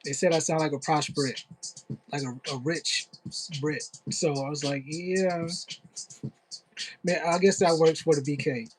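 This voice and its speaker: A middle-aged man chats casually on a livestream, upbeat and loose, his voice sitting a little high for a man. He peppers his talk with "like" and "you know", answers chat comments as they come in, and keeps it friendly and easygoing. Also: steady tone, measured pace, pauses often, a little hiss or hum, poor audio. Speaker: content creator and actor.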